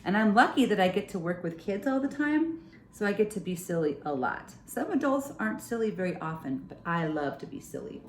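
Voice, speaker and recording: Young woman hosting kids' storytime; animated, playful, roomy echo. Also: medium pitch, fairly quick, slight background noise. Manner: playful, sing-song, animated with silly sounds. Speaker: children's storytime host. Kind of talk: reading a picture book aloud to kids. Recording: echoey room.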